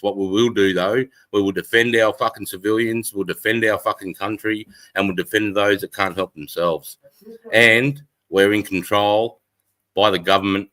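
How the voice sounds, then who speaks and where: A middle-aged Australian man chats loosely on a live stream from his front porch, his voice sitting a little low. He swears freely and greets his viewers one by one by name in an easygoing way. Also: pushed and bright, low-quality recording. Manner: laid-back, sweary, greets chat by name. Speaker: livestream host. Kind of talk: casual live-stream chat.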